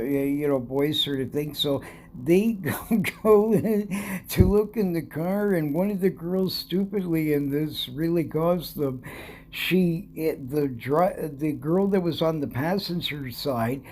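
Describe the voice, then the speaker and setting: A man spins a strange story for his podcast in a loose, rambling way, stumbling over restarts and piling on filler phrases. He chuckles through it, and his voice sits a little high for a man. There is a faint hiss under it. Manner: rambling, full of "sort of" and restarts. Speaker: podcast host. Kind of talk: casual storytelling.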